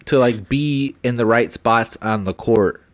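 A young man chatting casually on a podcast, relaxed and full of fillers like "like" and "dude". His voice has a plain, middle pitch. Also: measured pace. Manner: laid-back, filler-heavy, calls people dude and bubba. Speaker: podcast co-host. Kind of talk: casual chat.

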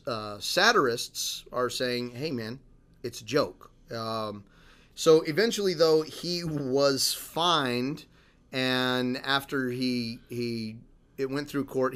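A man's voice: mid-range voice, slow pace, a bit bright, smooth. A man co-hosting a podcast, rambling through a news story in casual chat with many fillers and restarts. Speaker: podcast co-host.

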